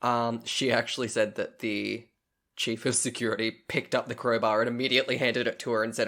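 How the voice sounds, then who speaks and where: A man with a bright, tense edge to his voice tells a long story as a podcast co-host. He is chatty and loose, swears casually and slips into the voices of the people he quotes, at a middling pitch. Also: fairly even intonation, brisk.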